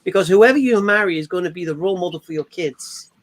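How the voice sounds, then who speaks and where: A man tells a story in a relaxed group conversation. His voice sits slightly high, and he acts out the people he describes with lively energy. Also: fast talker. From England. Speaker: panel guest sharing stories. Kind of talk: casual group chat.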